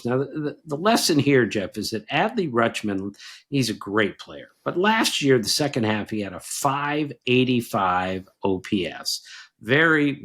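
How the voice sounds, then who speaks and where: An older man with a nasal voice, mid-pitched and ordinary in tone. He chats casually on a podcast, teasing and quizzing his son before reeling off numbers. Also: a bit bright. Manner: teasing, quizzing, rattling off stats. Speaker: podcast co-host, baseball writer.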